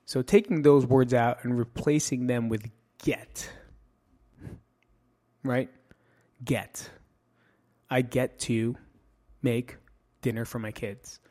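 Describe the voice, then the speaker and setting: A man in his thirties talks loosely and bluntly, swearing freely and poking fun at himself. His pitch sits in the ordinary middle range for a man, and his thoughts ramble along with frequent restarts. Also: darkish tone. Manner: blunt, profane and self-mocking. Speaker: podcast host. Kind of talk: casual podcast monologue.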